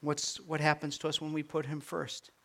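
An older man, a grandfather, preaching a sermon with animated swings from quiet asides to near-shouted peaks. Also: fairly high pitch, moderate pace. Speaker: pastor.

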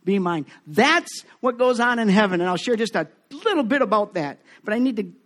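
A high-pitched man preaching a sermon to his church. His delivery swings between loud, rousing calls and hushed, tender stretches. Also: animated, brisk. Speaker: pastor. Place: church sanctuary.

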